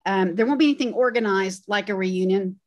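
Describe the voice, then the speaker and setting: A woman's voice: medium pitch, fairly quick. A middle-aged woman, a fan guest, casually sharing memories in a reminiscing way on a video call. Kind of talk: casual remembrance chat.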